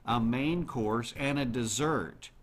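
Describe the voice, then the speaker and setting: A man hosting a show, chatting casually to his listeners in an animated way and throwing questions at the audience. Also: medium pitch, slow. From United States. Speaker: radio show host.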